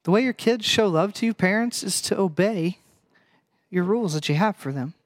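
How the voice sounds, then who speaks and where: High-voiced young man telling a sermon story. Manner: animated storytelling, acting out past scenes, quick asides to the audience. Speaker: preacher.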